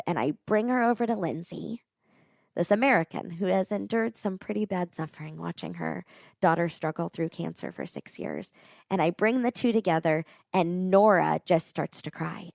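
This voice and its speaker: A woman tells a heartfelt story in an earnest, animated way, dropping casual fillers as she goes. Her voice sits low and carries a gravelly fry. The recording is dry and close. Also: dry recording. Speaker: podcast guest, nonprofit co-founder.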